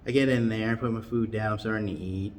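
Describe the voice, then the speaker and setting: A man telling a tall comic story in a rambling, deadpan way. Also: fairly low pitch, a little fast, slight background noise. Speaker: comedian.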